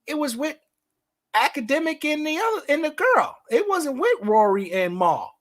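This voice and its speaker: A man with a Brooklyn accent co-hosting a podcast in casual chat, profane, with loud outbursts and drawn-out emphasis. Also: very high voice, big pitch swings, background noise. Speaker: podcast co-host.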